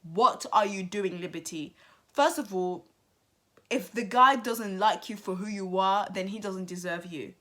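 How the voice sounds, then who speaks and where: Woman, reality TV commentary vlog, sassy and emphatic, middle pitch, lively delivery. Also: a little slow. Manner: animated, sassy, emphatic asides. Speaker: TV commentary vlogger.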